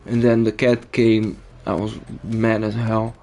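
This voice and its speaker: Slow-talking agitated man venting. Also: mid-range voice, little pitch movement, mellow. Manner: agitated, repeats and restarts words, swears. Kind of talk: venting while gaming. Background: game audio and music.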